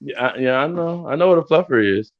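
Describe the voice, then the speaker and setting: A man hosting a casual wrestling podcast, steering the talk with relaxed questions. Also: on the high side, phone-quality sound. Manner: slow, laid-back, asks questions to steer the talk. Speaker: podcast host.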